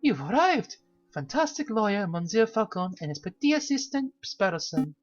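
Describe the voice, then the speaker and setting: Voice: medium pitch, big pitch swings, moderate pace, pitched above the performer's own voice, lightly acted. A cheerful, naive young cat lady tells her tale in a bouncy, sing-song way, voiced by a game player reading aloud. The recording is a little dull and lo-fi. Faint music plays underneath. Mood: chatty. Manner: bubbly, sing-song storytelling.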